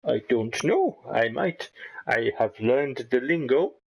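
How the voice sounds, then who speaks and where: A man putting on the voice of a boastful, washed-up male football manager with a deep, slow, smug drawl. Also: expressive, vocal fry, breathy edge, heavily acted, poor audio.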